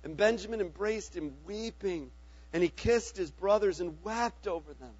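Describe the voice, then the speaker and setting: High-voiced man reading scripture aloud. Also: moderate pace, darkish tone, slightly rough, no echo, dull audio. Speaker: scripture reader. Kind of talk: Bible reading.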